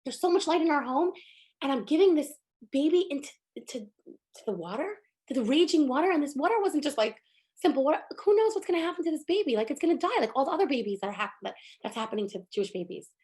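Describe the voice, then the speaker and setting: A woman's voice: high voice, expressive, fast talker, a little mellow. A woman voicing a grieving young mother. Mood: anguished. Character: grieving young mother giving up her baby.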